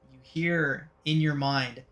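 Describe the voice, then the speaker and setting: A man narrating a tabletop game as game master, in a measured, descriptive way. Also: fairly high pitch, fairly even intonation, very noisy.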